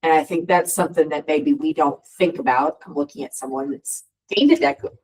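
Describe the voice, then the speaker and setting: A panelist speaking earnestly in a casual discussion, halting with restarts. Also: mid-range voice, breathy edge, far from the mic, low-quality recording.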